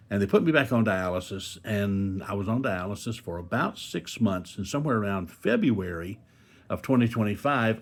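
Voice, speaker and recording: An older man vlogging casually from a hospital room, rambling and folksy with joking asides. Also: fairly low pitch. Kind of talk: casual talk to camera.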